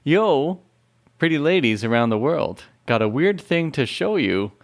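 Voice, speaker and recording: A man's voice: on the high side, sing-song, measured pace, pitched above the performer's own voice. A man putting on a prim, overly proper English teacher voice to read lyrics aloud. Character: stiff adult male English teacher reading lyrics.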